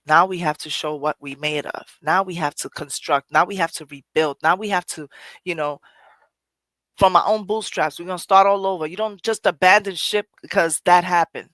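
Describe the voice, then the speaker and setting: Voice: medium pitch, moderate pace, fairly bright tone, no echo. A podcast host from Rico, speaking in an earnest, conversational personal monologue that often circles back and restarts phrases. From Puerto Rico.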